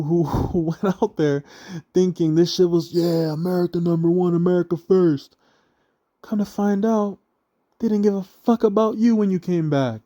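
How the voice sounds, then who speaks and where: This young online religious commentator has a slightly high, dark-toned voice. He rambles through a laid-back, profane rant, frequently adding "right?" and laughing at his own comments.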